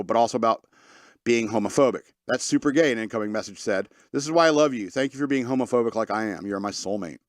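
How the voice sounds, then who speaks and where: A man with a fairly low voice hosts a casual talk radio show, reading news stories aloud and adding sarcastic asides. The clean studio sound has no echo.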